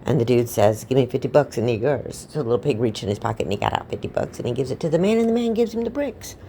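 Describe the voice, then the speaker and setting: A woman tells a fairy tale in a loose, rambling, irreverent way, tossing in offhand asides. Her voice is very low and dark, yet swings widely in pitch as she goes. Faint noise sits beneath. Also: animated, racing. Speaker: storyteller. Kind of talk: casual comic storytelling.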